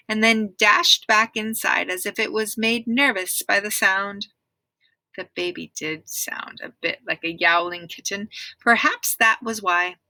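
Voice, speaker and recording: Woman narrator for a read-aloud chapter book, expressive, bright, close dry sound. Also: medium pitch, no room sound, rough recording. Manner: clear, expressive storytelling with asides to listeners. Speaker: reader. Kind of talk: reading a children's book aloud.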